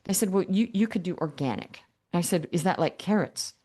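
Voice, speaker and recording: An older woman guest telling her business story in an interview, animated and humorous, acting out both sides of past conversations. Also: lowish voice, a little fast, husky. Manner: animated, acts out dialogue with quoted voices, humorous.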